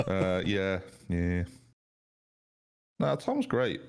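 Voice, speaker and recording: A man with a slightly low voice bantering over a voice call while he streams a game. He jokes in a dry, deadpan way, playing his tall tales completely straight. His voice comes through a close desk or headset mic. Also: very slow, vocal fry, clean tone. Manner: deadpan, self-mocking jokes delivered straight.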